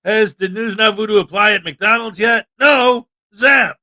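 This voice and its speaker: Fields: Role: livestream host, man. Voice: high, bright. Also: unhurried. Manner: animated, joking, sudden loud bursts. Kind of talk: casual livestream chat.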